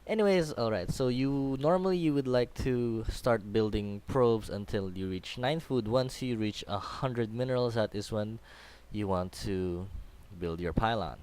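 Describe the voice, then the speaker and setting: A man's voice: fairly low pitch, darkish tone, clear, resonant tone. A young man with a Filipino accent, rambling casually through a game tutorial with lots of ums and restarts. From Philippines. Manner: chatty, rambling, many fillers and restarts. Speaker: gaming tutorial host. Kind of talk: casual game commentary over replay.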